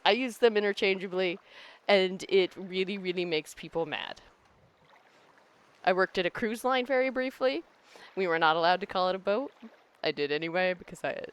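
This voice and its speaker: A woman's voice: mid-range voice, a bit bright. A woman game streamer talking in casual live-stream chat, rambling and laughing often.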